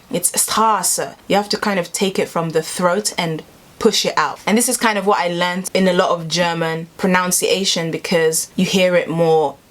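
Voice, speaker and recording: A young adult woman talking casually to camera in a vlog, chatty and animated, rambling a little as she explains things. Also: on the low side. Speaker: vlogger.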